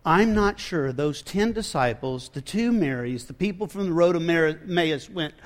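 A man preaching a sermon, telling the story in an animated, conversational way with casual asides. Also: on the high side, normal speed, few pauses. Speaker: pastor.

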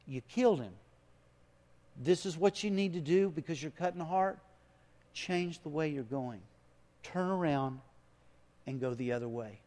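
Slow, dramatic male preacher in a reverberant hall. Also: fairly high pitch. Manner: dramatic swings from hushed to loud. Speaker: pastor. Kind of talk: sermon.

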